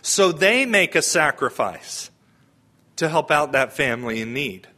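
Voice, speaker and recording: A priest gives a homily in a bright, clear, slightly high voice, expressive and measured in pace. He preaches conversationally, frequently posing questions to the congregation.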